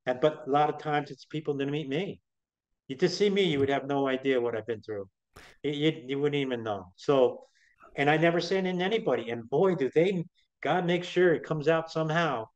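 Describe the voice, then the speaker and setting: Speaking at a moderate pace with a fairly high pitch, this middle-aged interview guest rambles through a casual story with plenty of restarts. Audio quality is dull and lo-fi.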